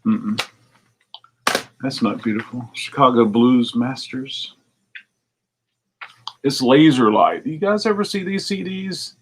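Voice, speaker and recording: Speaking slowly with long pauses, an American man who owns a record store looks over used CDs and chats loosely to his video audience, muttering asides along the way. His mid-range voice has lively intonation, and the rough recording carries a little hiss or hum from the shop.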